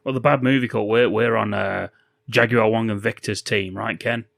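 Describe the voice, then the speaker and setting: Sarcastic podcast guy, deadpan jokes, dry close mic. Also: fairly low pitch, moderate pace, gravelly, no echo. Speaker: podcast co-host. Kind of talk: casual film-review banter.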